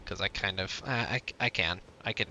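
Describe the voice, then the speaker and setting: A man's voice: sits low, moderate pace, creaky, noisy background. A man giving casual gameplay commentary, grumbling and easily frustrated as things go wrong. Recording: game music behind voice.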